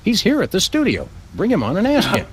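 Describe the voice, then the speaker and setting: A dry cartoon dog detective, deadpan yet swinging widely in pitch. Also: male voice, a little fast, husky, exaggerated voice. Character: deadpan canine detective, middle-aged. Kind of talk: video game voice acting.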